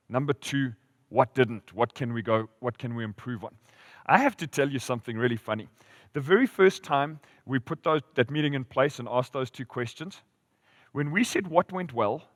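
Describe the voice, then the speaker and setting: A man preaching a sermon as pastor, telling stories with lively rises and drops in volume. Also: mid-range voice, no echo, studio quality, in a large hall. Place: church hall.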